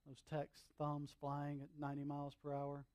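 A male pastor preaching a sermon in an animated, conversational way, with humorous asides and emphatic swings from loud to hushed. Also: fairly high pitch, normal speed, dry recording.

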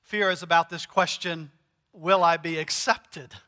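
Male pastor, sermon, high voice, slow deliberate delivery, earnest and emphatic. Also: steady tone, bright, forceful tone, big-room sound. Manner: earnest, emphatic preaching with repetition.

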